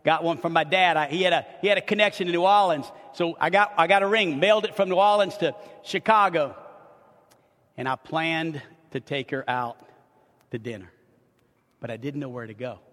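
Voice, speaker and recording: Male pastor, middle-aged, lively storytelling sermon, fairly high voice, trailing reverb of a big church. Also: normal speed. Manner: animated storyteller, frequent restarts and repeated words. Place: church sanctuary.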